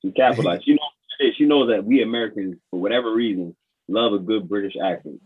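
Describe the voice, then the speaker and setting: A man guesting on a podcast, giving calm, measured answers in casual chat. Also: fairly low pitch. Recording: tinny, phone-like call line.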